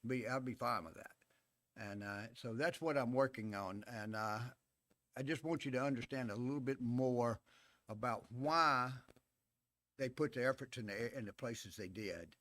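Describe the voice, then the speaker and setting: A man's voice: mid-range voice, moderate pace, a bit bright, no echo. A man, an agency official explaining a decision to a commission in a plain, reassuring way. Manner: plain-spoken, reassuring, filler-heavy. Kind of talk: explanatory meeting remarks. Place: public meeting room.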